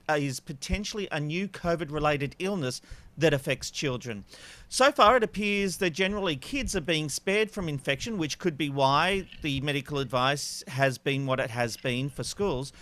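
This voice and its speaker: An Australian man in his thirties hosting a news panel chat, chatty and quick to laugh between items. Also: a little high, a bit bright. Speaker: host.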